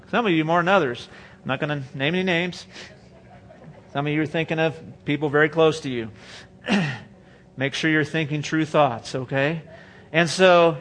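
A man's voice: a little high, a bit bright. A man preaching a sermon, reading scripture and speaking emphatically in a conversational way. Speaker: pastor.

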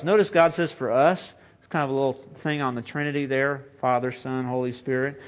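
A man's voice: mid-range voice, steady tone, a little fast. A man preaching a sermon in an earnest, conversational way, often saying "you know" as he goes. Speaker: pastor.

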